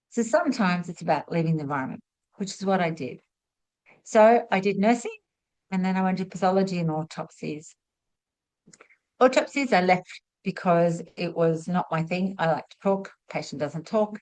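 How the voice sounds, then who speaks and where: A middle-aged woman who hosts a spiritual masterclass, giving a chatty, expressive motivational talk to camera. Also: fairly low pitch, low-quality recording. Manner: chatty and expressive, acts out little quotes. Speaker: spiritual teacher hosting a masterclass.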